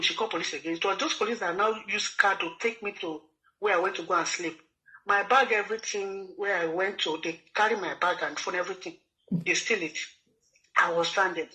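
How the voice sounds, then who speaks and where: Man, Nigerian accent, rapid speech, bright tone, repetitive pleading testimony. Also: high voice, rough recording. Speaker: guest telling his story. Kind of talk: emotional personal testimony.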